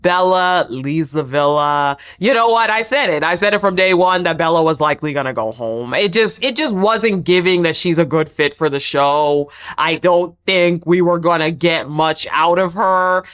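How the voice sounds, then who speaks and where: A woman's voice: fairly low pitch, moderate pace, few pauses, fairly bright tone, clear, resonant tone. A woman giving a casual, opinionated reality-show recap in a chatty, playfully dramatic way. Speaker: TV recap vlogger.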